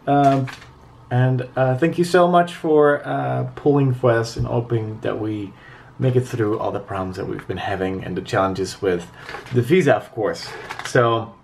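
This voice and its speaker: A man who speaks Dutch as his first language, chatting casually to camera in a rambling vlog with many fillers, recorded on a handheld camera mic. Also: lowish voice. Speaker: vlogger. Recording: light background noise.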